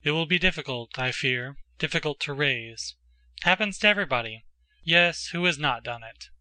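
A flustered old nobleman father, voiced by a male storybook reader, good-humored at heart and given to muttering. The tone is bright and close, with a dry, roomless sound. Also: a little high, animated, normal speed, no room sound.

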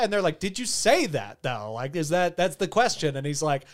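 This young man's voice sits a bit high, and he chats loosely as a podcast host. He rambles through stories, swears freely, and sometimes slips into a teasing bureaucratic patter. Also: expressive, normal speed. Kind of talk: casual chat.

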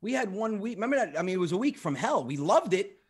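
A man's voice: high voice, quick pace, slightly rough. New guy telling a funny story. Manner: animated, laughs through his story. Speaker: comedian guest. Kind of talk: casual storytelling.

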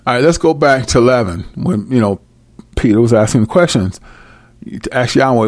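A man giving a freewheeling, profane Bible commentary, brash and mocking, swinging between loud outbursts and low mutters. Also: lively intonation, a little fast. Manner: brash, mocking and full of cursing. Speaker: self-styled preacher.

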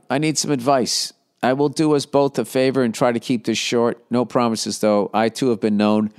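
Guy on his podcast, reading letters out loud, swears a lot and rambles, mid-pitched everyday voice. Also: normal speed, hardly any pauses. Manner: blunt, profane, rambling, mock-exasperated. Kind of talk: casual profane advice rant.

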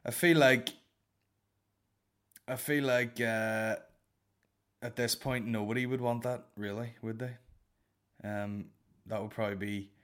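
A man's voice: medium pitch, steady tone, unhurried, pauses often, a bit bright. Northern Irish man, comedy podcast host, sweary, rambling, self-mocking, reading listener questions alone. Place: alone in a room.

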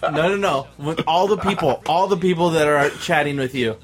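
A man co-hosting a podcast in casual chat, laid-back and quick to laugh. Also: a little high. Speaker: podcast co-host.

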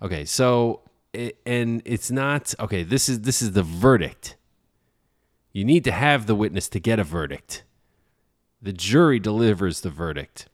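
A man's voice: fairly low pitch, expressive, a little slow. A man co-hosting a casual movie podcast, rambling and hesitating as he searches for answers. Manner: rambling, hesitant under pressure. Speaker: podcast co-host. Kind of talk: casual movie review chat.

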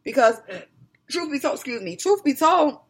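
In a high voice at a moderate pace, a woman co-hosting a podcast spins lively stories, dramatizing scenes where she scolds her children during the casual conversation.

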